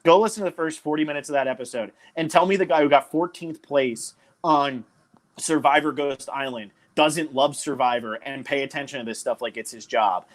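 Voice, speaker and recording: A man's voice: medium pitch, brisk. A young man from New Jersey co-hosting a podcast, talking casually and enthusiastically with lots of fillers. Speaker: podcast co-host.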